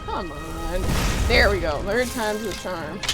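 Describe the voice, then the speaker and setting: A woman streamer chatting casually while playing a game, reacting loudly and reading chat messages aloud, with game music behind her. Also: mid-range voice, lively intonation, takes it slowly. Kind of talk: casual live gameplay chat.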